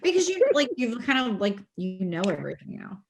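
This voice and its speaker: Guesting on a laid-back podcast, this author speaks at a medium pitch. Lively and quick to laugh, she fills her talk with fillers and frequently starts over.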